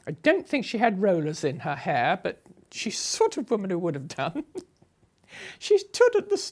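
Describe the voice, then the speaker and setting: A woman's voice: medium pitch, huge pitch swings, unhurried, breathy edge. An older woman from Sussex, chatting through memories of her travels with frequent laughs. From England (Sussex). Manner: chatty, anecdotal, laughs often between phrases. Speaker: traveller recounting her journey. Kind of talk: conversational travel memoir.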